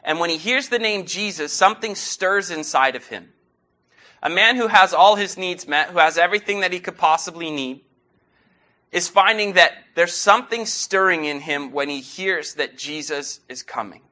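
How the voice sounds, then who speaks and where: A man's voice: high voice, normal speed, sharp tone. A man preaching as a guest in church, telling stories earnestly and asking rhetorical questions. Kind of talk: sermon.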